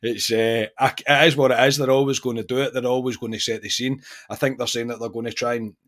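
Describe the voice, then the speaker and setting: A man with a Scottish accent hosting a football podcast, chatting casually in an animated, incredulous way with many restarts. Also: medium pitch, fast talker. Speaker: podcast host.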